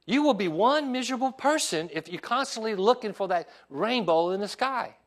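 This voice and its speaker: Pastor, male, high-pitched, lively pulpit delivery, asks congregation for responses. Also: normal speed. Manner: animated preaching with call-and-response asides. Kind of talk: sermon. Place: church sanctuary.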